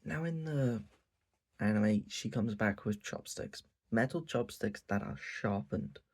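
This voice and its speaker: Creaky-voiced man recapping manga, swearing freely. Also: fairly low pitch, measured pace. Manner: animated, swears a lot, acts out quotes. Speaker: channel host. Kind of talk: casual profane manga recap.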